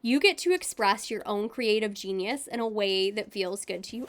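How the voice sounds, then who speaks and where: A young woman giving a casual, gentle and upbeat tarot reading with frequent fillers. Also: mid-range voice, moderate pace, few pauses, slight background noise. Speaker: tarot reader.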